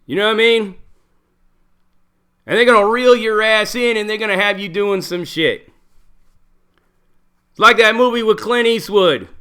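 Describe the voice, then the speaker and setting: A man's voice: high-pitched, measured pace, long pauses, pushed and bright, clear, resonant tone. A middle-aged man telling prison stories in a blunt, profane, casual monologue full of street slang. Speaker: channel host, former prisoner telling stories.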